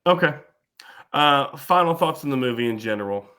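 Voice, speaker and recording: A man's voice: mid-range voice, lively intonation, normal speed, bright, forceful tone, clear, resonant tone. Matter-of-fact male podcast host. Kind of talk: casual chat, reading trivia.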